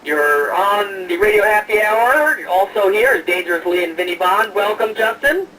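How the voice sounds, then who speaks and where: A man's voice: high-pitched, expressive, normal speed, recorded from a distance, crowd noise, rough recording. A man hosting an online radio show, chatting casually and jokingly with lots of hesitations and fillers.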